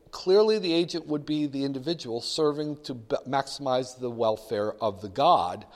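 A man lectures a class in a lively, joking way, spinning everyday stories to explain an idea. His voice sits a little high for a man. The sound rings with the long reverb of a big lecture hall. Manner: animated, joking storyteller.

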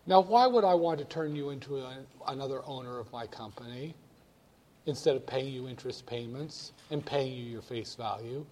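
A man giving a classroom lecture in an animated, joking way, talking directly to his students. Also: mid-range voice, moderate pace. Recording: long hall reverb.

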